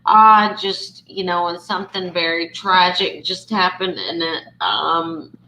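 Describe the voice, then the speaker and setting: A woman's voice: on the low side, slow pace, bright, forceful tone. A woman hosting a casual call, chatty, with lots of fillers and restarts. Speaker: host. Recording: echoey room, faint ambient noise.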